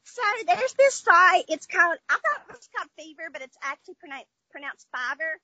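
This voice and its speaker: Chatty high-voiced woman with a twang. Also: very animated, brisk, pushed and bright, no echo, low-quality recording. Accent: American Southern twang. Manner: chatty, upbeat storyteller with fillers. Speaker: children's book author, guest. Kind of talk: casual interview chat.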